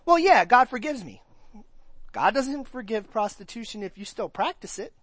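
A pastor preaching in an animated, conversational way, often asking the congregation questions and briefly acting out their reactions in quick put-on voices. The voice sits at a middle pitch, and the recording is close and dry, with no room echo. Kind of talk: sermon.

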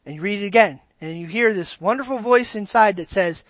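A pastor preaching a sermon in an animated way, moving from quiet asides to loud exclamations and asking the congregation direct questions. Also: mid-range voice, brisk, few pauses, no echo.

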